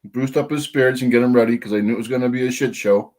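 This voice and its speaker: A man's voice: medium pitch, fairly even intonation, fast, darkish tone. A man co-hosting a livestream panel, chatting casually with dry jokes. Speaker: panel co-host. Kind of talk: casual chat.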